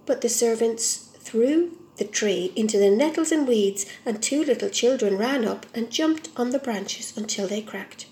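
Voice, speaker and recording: Woman gently reading a storybook. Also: fairly high pitch, lively intonation, unhurried, few pauses, echoey room.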